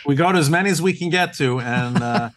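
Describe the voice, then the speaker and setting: A fast-talking man with a slightly high voice is interviewed casually as a team owner on a podcast. Upbeat and earnest, he peppers his speech with "uh" fillers and restarts.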